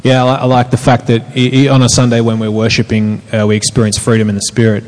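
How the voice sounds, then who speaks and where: A man's voice: medium pitch, fast. Man, church panel host, casual chat, lots of fillers, reverberant church hall. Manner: relaxed, filler-heavy, restarts often.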